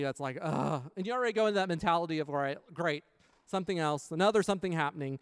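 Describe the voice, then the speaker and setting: A man's voice: fairly high pitch, fast talker, smooth, no echo. A man with a casual, chatty manner, telling a personal story full of quoted back-and-forth dialogue and reflecting on faith.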